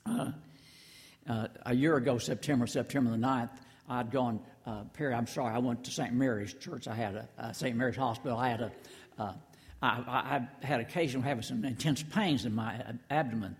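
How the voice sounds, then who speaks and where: Older preacher with a halting, folksy delivery. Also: male voice, mid-range voice, big-room sound. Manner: folksy, halting, many restarts and asides to the congregation. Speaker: pastor. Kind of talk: sermon. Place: church sanctuary.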